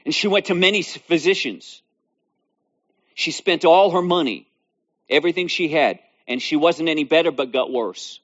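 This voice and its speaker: The voice here is fairly high and fairly bright, moving at a moderate pace through a sermon. After reading scripture aloud, the man expounds with repetition and rising emphasis, captured in dull lo-fi sound.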